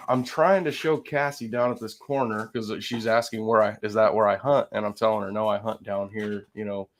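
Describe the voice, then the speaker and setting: Telling a story casually in a fairly low voice, a man swears freely and laughs between phrases. His volume swings from loud to soft.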